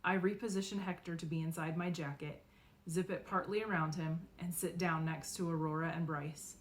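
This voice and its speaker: A woman narrating a novel in the first person, expressive and acting out the dialogue. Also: low voice, moderate pace, slight background noise. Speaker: audiobook reader.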